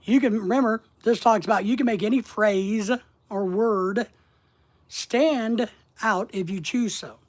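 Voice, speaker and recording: A man's voice: high-pitched, a little slow. A middle-aged man with a slight Southern accent who coaches online business in a rambling, plainspoken, casual livestream lesson.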